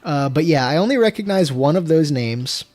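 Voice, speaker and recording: A young adult man streams a video game, rambling casually, swearing, and getting exasperated easily. His fairly high voice has lively intonation, a normal speed, and a slightly mellow quality, with faint music in the background.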